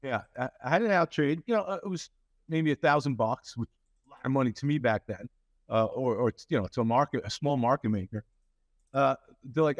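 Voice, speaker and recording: A man's voice: medium pitch, fairly quick, dry recording, lo-fi sound. A man, a company CEO, telling a story in an interview with many fillers and restarts, acting out quoted lines.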